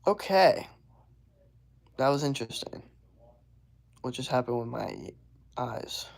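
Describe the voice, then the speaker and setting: Laid-back young male streamer with some vocal fry, casual chat with viewers. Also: mid-range voice, expressive, takes it slowly. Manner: laid-back, drawling, says "bro" and "hell yeah" a lot. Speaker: livestreamer. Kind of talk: casual livestream chat reading viewer comments.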